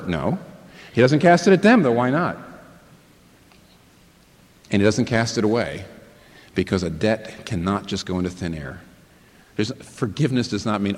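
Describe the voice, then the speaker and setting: A pastor preaching a sermon, asking rhetorical questions and building up emphasis. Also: male voice, mid-range voice, a little mellow, long reverb tail.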